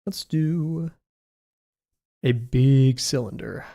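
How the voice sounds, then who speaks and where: Easygoing male streamer, mid-pitched, rambles and laughs while he draws. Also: very slow, creaky, warm tone, highs cut off. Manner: rambling, laughs often, many fillers. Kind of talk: casual chat while drawing.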